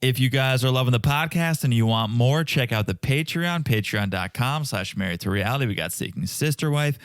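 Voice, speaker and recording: A man's voice: medium pitch, lively intonation, fairly quick, dry recording, studio quality. A man co-hosting a podcast, chatting casually and playfully and laughing easily. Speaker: podcast co-host. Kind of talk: casual chat.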